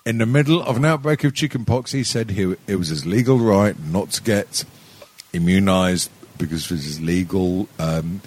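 A man's voice: sits low, normal speed. A young man co-hosting a podcast, telling stories in a rambling, sweary way, full of stammered restarts and laughing at his own jokes. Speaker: podcast co-host. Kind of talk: casual sweary chat.

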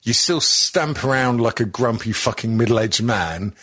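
Bloke cohosting, swears a lot, teases, slight husky voice. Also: male voice, medium pitch, lively intonation, unhurried, a bit bright, no room sound, studio quality. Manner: crude joking, teasing, many ums. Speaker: podcast co-host. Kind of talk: casual sweary banter.

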